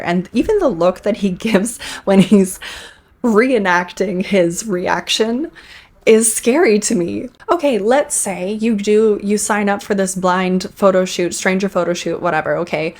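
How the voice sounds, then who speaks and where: A woman host giving casual commentary on online clips, chatty and full of quick restarts. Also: mid-range voice. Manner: chatty, with frequent restarts and laughs.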